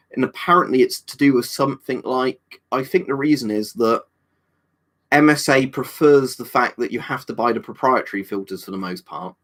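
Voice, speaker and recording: A man hosting a casual livestream, reading viewer comments and rambling with swearing and jokey asides. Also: medium pitch. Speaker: livestream host.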